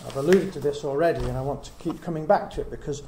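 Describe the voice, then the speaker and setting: A middle-aged man with a fast, higher-pitched, dark-toned voice earnestly teaches the Bible to a small group. He works through his points aloud, asking one rhetorical question after another, in an echoey room with a slight hiss.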